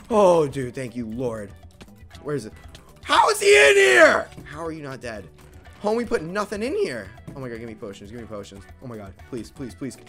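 A young man who makes gaming videos delivers frantic gameplay commentary full of swearing, lurching between mumbles and yells. His voice is medium in pitch.

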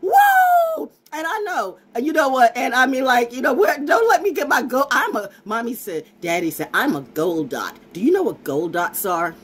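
A brash woman talks to her viewers in a loose, rambling monologue. Her voice sits a bit high and swings widely up and down as she goes. She swears freely and keeps restarting her phrases. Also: normal speed, few pauses, background noise. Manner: brash, profane, animated. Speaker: vlogger and self-styled oracle.

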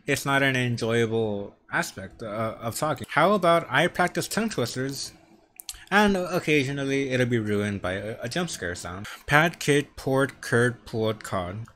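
A man's voice: mid-range voice, fairly bright tone, a little hiss or hum. A man with a stutter and a lisp who practices tongue twisters on camera in a room at home while wearing earphones, repeating sounds as he trips over words. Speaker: vlogger.

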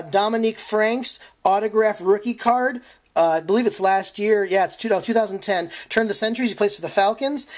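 A woman hosts a sports card giveaway in a casual home vlog. Her voice sits at an ordinary middle pitch, and she talks in an eager, chatty way, full of ums, uhs and quick self-corrections. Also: slight background noise.

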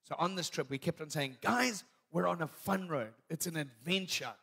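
A man's voice: on the high side, normal speed, vocal fry, pushed and bright, slightly rough. A pastor and father adding context to a story in a church talk, explaining with restarts.

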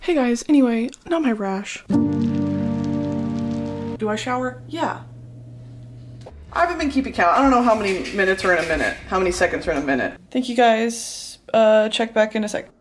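A woman's voice: fairly high pitch, lively intonation, moderate pace, pauses often, music in the background. A young woman in her twenties making a casual, chaotic comedy vlog, blurting absurd jokes and giggling. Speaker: comedic content creator. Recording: noisy phone-camera vlog audio.

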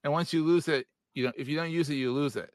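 A man's voice: fairly high pitch, fast, no echo. A man in his forties hosting a podcast in casual interview chat, joking and laughing at his own quips. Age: 40s. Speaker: podcast host.

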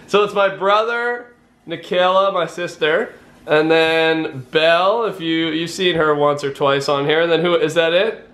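A young man hosting a casual vlog at home, excitable and a bit nervous, laughing often and calling his viewers guys and dude. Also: fairly high pitch, unhurried, echoey room. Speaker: YouTuber host. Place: at home, indoors.

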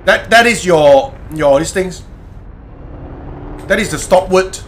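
Bright-voiced man in loose gaming banter. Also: high voice, animated, takes it slowly, slight background noise. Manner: loose, swearing, laughing banter with chat. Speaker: game streamer. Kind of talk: casual live-stream chat while gaming.

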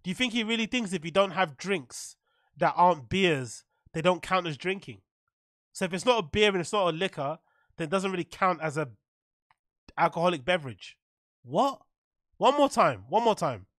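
A man reacting to clips and thanking donors on a casual live stream, animated and swearing freely. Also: high voice, moderate pace, dry recording, studio quality. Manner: animated, swearing, loud shout-outs.

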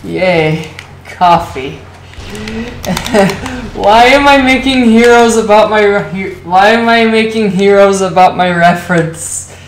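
Very slow, giggly woman with hiccups. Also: mid-range voice. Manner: giggly, rambling, swears. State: hiccuping and tired. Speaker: gamer on a voice call. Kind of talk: casual gaming chat. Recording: roomy echo with faint noise.

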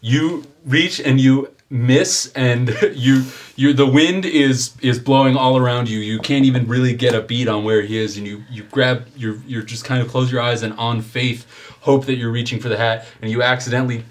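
A man's voice: mid-range voice, fairly even intonation, moderate pace. A man running a tabletop game as game master, narrating the scene in vivid detail and often chuckling at his own descriptions.

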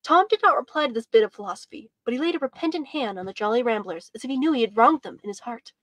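A woman teacher reading a story aloud to a class in an expressive, measured way. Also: on the high side, no room sound. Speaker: homeschool teacher.

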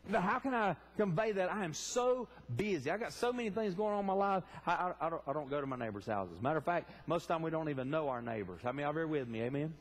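Pastor preaching, fairly high voice. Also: male voice, animated, fast, few pauses. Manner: fervent preaching, asks the congregation direct questions. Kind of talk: sermon. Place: church sanctuary.

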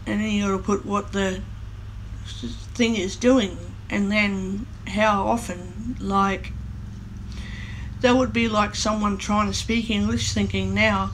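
A woman talks through what she is doing in loose, run-on sentences. Her pitch sits in an ordinary middle range. A faint hiss of background noise runs under her voice. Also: poor audio. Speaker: vlogger. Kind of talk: casual explanation while playing a language app.

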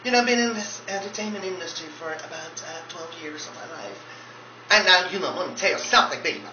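Guy doing loud sassy drag diva voice, high and pushy, calls everyone baby. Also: expressive, quick pace. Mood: brash. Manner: brash, demanding tips, calls people baby. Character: sassy loud drag queen diva, proud of stage career. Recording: dull roomy recording with hiss.

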